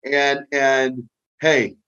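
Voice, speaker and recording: An older man, a guest on an interview show, telling lively stories and often repeating his words as he goes. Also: medium pitch, extremely slow, smooth. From Minneapolis, US Midwest. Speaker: guest, retired pro wrestler. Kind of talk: casual storytelling interview. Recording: dull lo-fi audio.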